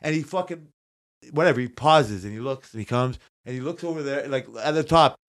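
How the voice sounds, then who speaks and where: A man's voice: mid-range voice, a little fast. A man co-hosting a podcast, telling a work story in a casual, profane way, acting out his coworkers' lines. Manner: swears often, animated retelling with voices for coworkers. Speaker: podcast co-host.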